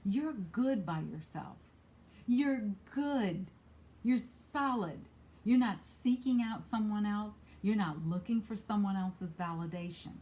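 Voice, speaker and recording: A woman giving a spiritual card reading, earnest and emphatic, who repeats her key phrases and moves between bursts of emphasis and soft asides. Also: mid-range voice, expressive, slow. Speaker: card reader.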